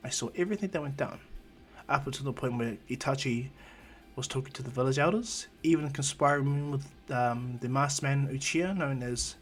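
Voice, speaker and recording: Cold young ninja god, as a man puts him on, calm, commanding, quietly threatening, mid-pitched voice, fan storytelling. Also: normal speed, lightly acted.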